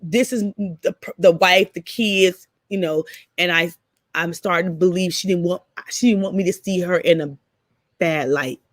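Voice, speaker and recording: A woman's voice: fairly low pitch, fairly even intonation, a little slow, dry recording. A middle-aged woman talking casually as a podcast guest, often repeating words and restarting as she searches for her thoughts.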